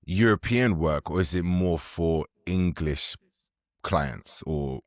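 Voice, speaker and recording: Deep-voiced man hosting a podcast. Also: no room sound, studio quality. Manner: casual, joking, quick interjections. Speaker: podcast host. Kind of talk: podcast interview.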